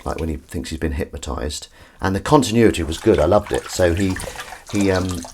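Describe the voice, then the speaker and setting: A man's voice: deep voice, fairly quick, darkish tone, a little hiss or hum. A man and actor chatting casually on a live stream while washing up, reading chat aloud and swearing now and then. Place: kitchen sink. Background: running tap water and dish clatter.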